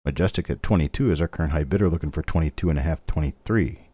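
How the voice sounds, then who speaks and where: Low-voiced man calling a coin auction. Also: fast talker, no room sound. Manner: steady bid-calling with chatty asides. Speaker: auctioneer host. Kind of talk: live online coin auction.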